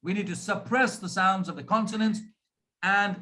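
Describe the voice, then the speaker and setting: Indian man, RP-leaning accent, high voice; speech coach, deliberate and demonstrative. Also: pushed and bright. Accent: Indian English, RP-influenced. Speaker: pronunciation coach. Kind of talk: speech on pronunciation.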